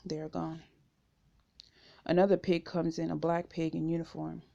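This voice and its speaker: A woman reading a memoir aloud in first person, steady and unhurried, on a dull lo-fi home recording. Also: low-pitched, vocal fry. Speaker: audiobook reader.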